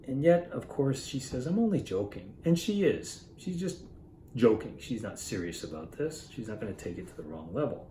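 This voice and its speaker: In a rough recording from an echoey room with slight hiss or hum, a man informally summarizes and comments on a classic story, earnest and self-correcting as he thinks aloud. His medium-pitched voice is mellow, animated, and normal in speed.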